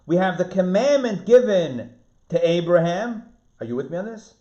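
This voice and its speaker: Rabbi teaching over video call; energetic, repeats himself, quizzes the class. Dull, echoey sound. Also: male voice, high voice, normal speed. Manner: lively, repeats words and restarts, asks the class questions. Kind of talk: online Torah class lecture. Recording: roomy, muffled video-call audio.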